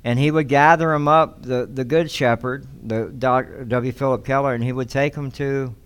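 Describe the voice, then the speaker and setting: A male pastor gives a sermon in an easygoing, conversational way, often saying key lines twice. His voice is clear and smooth and sits at a middle pitch. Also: fairly even intonation, normal speed, a bit bright. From United States. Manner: conversational teaching, repeats key phrases.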